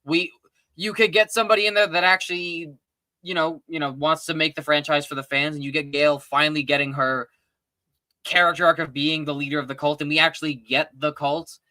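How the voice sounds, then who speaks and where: A man co-hosting a casual fan podcast, excitable and rambling, often restarting his sentences. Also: on the high side, brisk, dry recording. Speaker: podcast co-host.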